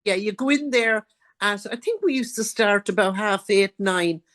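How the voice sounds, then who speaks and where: A woman's voice: medium pitch, normal speed. Irish woman telling her life story. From Ireland. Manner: lively storyteller, acting out others' words. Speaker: guest author. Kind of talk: personal storytelling in an interview.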